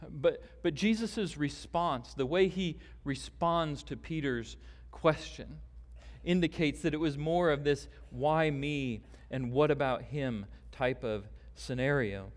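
Male pastor preaching slowly in a church, deliberate with long emphatic pauses, reverberant hall sound. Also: fairly high pitch. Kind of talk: sermon.

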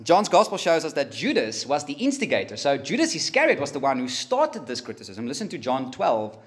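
A man preaching a sermon, emphatic and pausing, rising for emphasis. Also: mid-range voice, huge pitch swings. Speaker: pastor.

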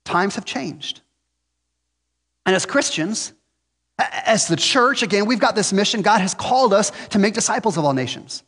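A man's voice: sits high, lively intonation, moderate pace, fairly bright tone, slightly rough, long reverb tail. A man in his forties preaching a conversational sermon, earnest with jokes and frequent restarts.

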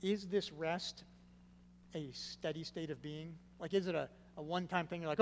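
Man, pastor, sermon, higher-pitched voice, loud emphasis then hushed drops, long reverb, faint hum. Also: fairly even intonation, normal speed. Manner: swings from loud emphatic stresses to hushed low phrases.

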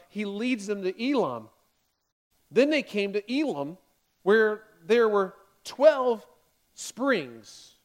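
With a voice that sits high, a male pastor gives his church a lively, playful sermon, voicing the grumbling Israelites in quick bursts of excitement.

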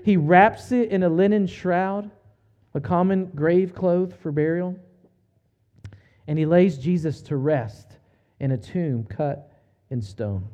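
A man preaching a sermon, retelling a story in an earnest, measured way with slow, emphatic pauses. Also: high voice, warm tone, highs cut off. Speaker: pastor.

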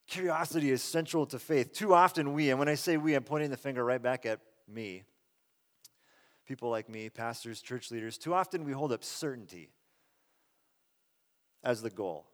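A middle-aged man, a pastor, giving a conversational, earnest sermon that swells loud and drops soft. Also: mid-range voice, moderate pace, long pauses. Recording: long reverb of a large hall.

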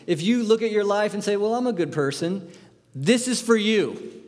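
Animated preacher man in a reverberant hall. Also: sits high, normal speed. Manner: asks the audience many questions, animated and emphatic. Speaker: pastor. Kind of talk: sermon.

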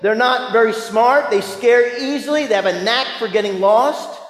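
Guy preaching a sermon, kinda high voice, jokey stories then quiet emphatic bits, big echoey church. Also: normal speed. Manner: storytelling with humor, emphatic rises and soft drops. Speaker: pastor. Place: church sanctuary. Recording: roomy church with long reverb.

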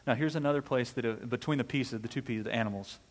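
A man's voice: mid-range voice, fast, big-room sound. A man delivering a sermon as a pastor, conversational and full of rhetorical questions, often checking in with "right?".

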